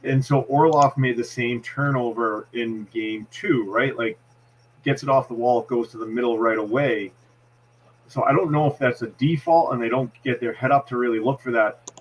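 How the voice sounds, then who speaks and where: Male hockey analyst, Boston accent, methodical play-by-play explainer, mid pitch, slight background hum. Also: fairly even intonation, normal speed, rough recording. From Massachusetts. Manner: analytical, explains plays step by step with many restarts. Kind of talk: postgame hockey breakdown.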